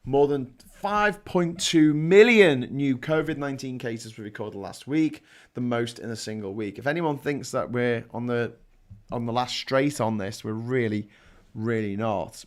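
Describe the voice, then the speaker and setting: A man's voice: medium pitch, unhurried. A man with a Scouse accent hosting a live call-in stream, chatting and reading news headlines with sarcastic asides. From Liverpool, England. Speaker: live-stream chat show host. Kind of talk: casual chat reading headlines.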